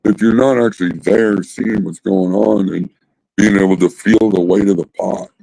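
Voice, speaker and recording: Deep gravelly laid-back man. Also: steady tone, moderate pace, mellow, no room sound, rough recording. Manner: laid-back, profane, rambling with fillers. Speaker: host. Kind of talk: casual livestream chat.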